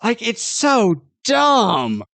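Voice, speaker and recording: High-voiced male co-host, incredulous and profane, dry close mic. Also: huge pitch swings, extremely slow, gravelly, a bit bright, no room sound. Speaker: podcast co-host, film reviewer. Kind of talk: casual comedic chat.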